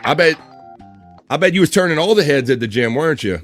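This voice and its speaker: Loud laughing stream host guy. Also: on the high side, expressive, quick pace, faint music behind. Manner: loud, laughing, crude banter. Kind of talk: casual live-stream chat.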